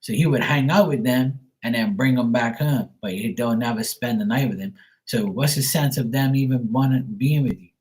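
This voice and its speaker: A blunt man rambles on a live stream, cursing freely and restarting his sentences as he goes. His voice sits in an ordinary middle range. He slips quick impressions of kids and fathers into the talk. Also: medium pitch, darkish tone, rough recording. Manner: acts out kids' and fathers' voices in quick quotes. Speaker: tarot reader on a livestream.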